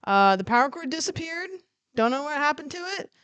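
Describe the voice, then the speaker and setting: A woman's voice: high voice, expressive, brisk, a bit bright, no echo. A woman streamer chatting casually as she explains step by step, swearing now and then, speaking into a clip-on microphone at home. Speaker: streamer cutting hair on stream.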